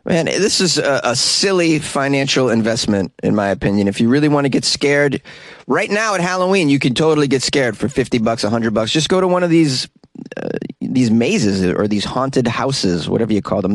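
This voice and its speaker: A male host riffing on odd news stories in a joking, sarcastic way. His voice sits at an ordinary pitch and is recorded close and dry, with no room sound. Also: expressive, no echo. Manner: sarcastic, joking, quick asides. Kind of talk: comedic news commentary.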